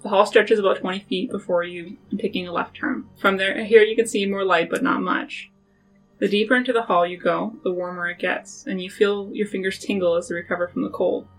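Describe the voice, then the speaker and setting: A woman's voice: medium pitch, fairly even intonation, fairly quick, soft background music, low-quality recording. A woman narrating as game master of a tabletop role-playing podcast, describing scenes in an atmospheric way.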